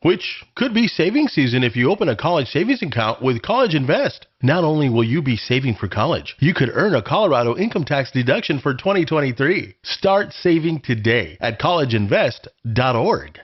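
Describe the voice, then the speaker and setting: A man with a husky voice reads a scripted radio ad, his pitch moving in a lively way. The sound is dull lo-fi radio quality. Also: moderate pace, few pauses. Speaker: ad voice-over.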